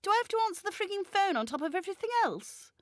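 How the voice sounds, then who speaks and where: A woman doing a brash, pushy female novelist with a high, loud, demanding voice, dry close sound. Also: big pitch swings, a little slow, no echo. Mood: indignant. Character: brash, pushy middle-aged woman, self-absorbed novelist.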